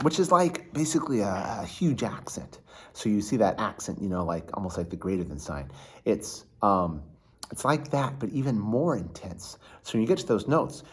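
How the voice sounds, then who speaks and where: A man's voice: lowish voice, sing-song, moderate pace, breathy edge. A man giving a casual violin lesson, chatty and full of fillers, counting beats aloud and singing rhythms. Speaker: violin teacher.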